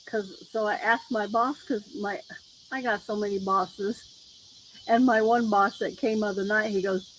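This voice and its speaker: Outdoors at night near a road, a livestream host chats casually into her phone as crickets and insects sound loudly behind her. Her mid-range voice is steady at normal speed, and the poor audio carries a little hiss or hum. She tells rambling stories, acting out what other people said.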